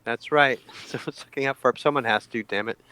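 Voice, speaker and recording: A man playing a tabletop game in casual in-character chat, excitable, stammering and repeating himself. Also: medium pitch, a little fast, clean tone, no echo.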